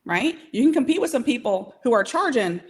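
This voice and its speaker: A woman's voice: on the high side, very animated, slight background noise. A woman giving a live training to small business owners, talking directly and emphatically, and checking in often with "okay?" and "right?". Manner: emphatic, coaching, keeps asking "okay?" and "right?"; direct and motivational, speeds up and slows down.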